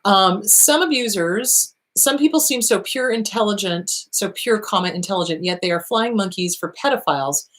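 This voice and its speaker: A woman's voice: medium pitch, lively intonation, moderate pace, few pauses, a bit bright. A woman hosting an advice talk, answering viewer questions bluntly and emphatically, repeating her points and swearing freely, her voice starting to tire.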